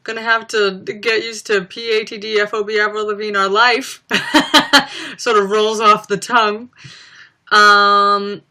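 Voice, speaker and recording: A woman's voice: medium pitch, bright, forceful tone. A young woman chatting casually on a livestream, reading viewer comments aloud with plenty of ums. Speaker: livestreaming singer.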